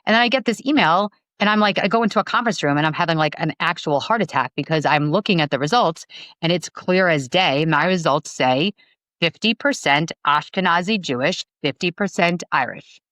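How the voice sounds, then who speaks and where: A woman in her forties from Long Island, New York, telling her story as a podcast guest in a lively, chatty way, full of fillers. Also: on the low side, a little fast, no room sound. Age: 40s. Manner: animated, acts out quoted dialogue, many fillers. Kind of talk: casual storytelling interview.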